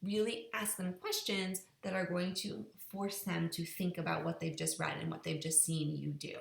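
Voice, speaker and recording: A woman's voice: lowish voice, little pitch movement, normal speed, creaky, echoey room. A woman teacher patiently explaining a group assignment step by step. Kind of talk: classroom instructions.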